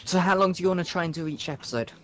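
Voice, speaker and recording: A man co-hosting a game stream, talking in a relaxed, matter-of-fact way about plans and editing. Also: high voice, racing. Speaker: co-host and editor. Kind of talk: casual chat. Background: faint game music.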